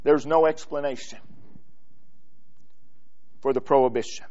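A man preaching a sermon. He reads scripture in King James wording and swings from loud, stressed lines to hushed drops. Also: high voice, animated, slow pace, long pauses.

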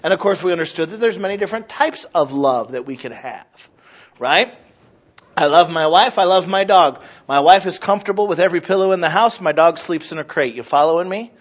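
A man in his thirties preaching a sermon, animated and acting out little scenes in other voices. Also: fairly high pitch, brisk, muffled recording. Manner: animated, mimics voices for illustrations. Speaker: pastor.

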